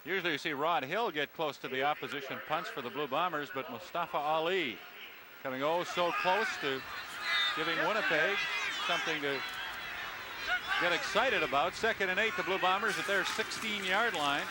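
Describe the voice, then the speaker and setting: High-voiced male football play-by-play announcer. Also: normal speed. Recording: loud crowd and stadium noise.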